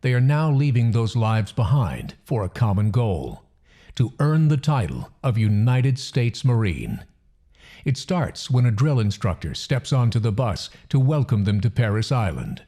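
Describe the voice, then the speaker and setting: A man reading scripted documentary narration in a measured, solemn way. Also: medium pitch, sing-song, mellow.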